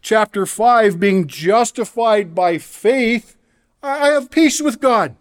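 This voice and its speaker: A man preaching a sermon from the pulpit, emphatic, swinging between hushed low passages and loud exclamations. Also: lively intonation, slow. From Canada. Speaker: pastor. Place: church.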